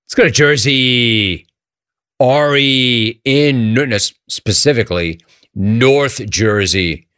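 A man hosting a radio call-in show, riffing sarcastically between callers with animated banter. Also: mid-range voice, slow pace, no echo, studio quality.

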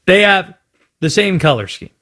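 Male sports radio host, lively high voice, playful ranting delivery. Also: normal speed. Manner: animated, playful rants. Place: radio studio.

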